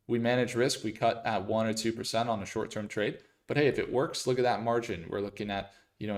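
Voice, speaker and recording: Male livestream host, lower register, upbeat casual market commentary, greets chat by name.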